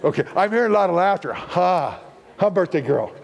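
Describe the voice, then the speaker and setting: Speaking a little fast in a high, gravelly voice with lively intonation, a man gives a sermon as a guest to a live congregation. He jokes with puns and acts out voices. The recording sounds muffled, with the long reverb of a church hall.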